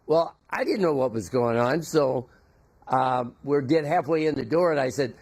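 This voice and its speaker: An older man giving a memorial tribute, telling folksy, halting anecdotes about a former teammate. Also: mid-range voice, lively intonation, vocal fry, darkish tone.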